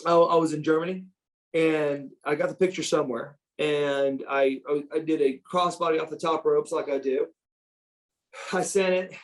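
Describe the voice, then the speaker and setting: Animated, profane storyteller man in his fifties. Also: a little high, normal speed, low-quality recording. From United States. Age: 50s. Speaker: guest, former pro wrestler. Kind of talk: storytelling in a podcast interview.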